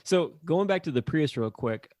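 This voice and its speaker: A man's voice: fairly high pitch, animated, moderate pace, darkish tone, no room sound, studio quality. A man from Northern Indiana, co-hosting a podcast in easygoing casual chat, laughing often and using many fillers. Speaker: podcast co-host.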